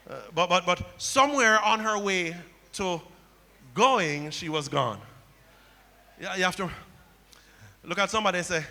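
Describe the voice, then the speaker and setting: A man's voice: sits high, measured pace, pauses often, bright, forceful tone. A man preaching a sermon as pastor, telling stories and repeating key phrases back to the congregation. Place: church sanctuary. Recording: long hall reverb.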